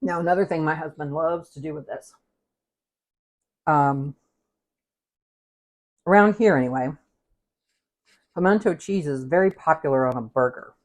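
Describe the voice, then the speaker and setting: A woman's voice: low voice, measured pace, long pauses, darkish tone. A woman hosting a casual cooking livestream from a home kitchen, chatty and rambling, with easy laughs and side stories as she talks through a recipe. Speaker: cooking show host.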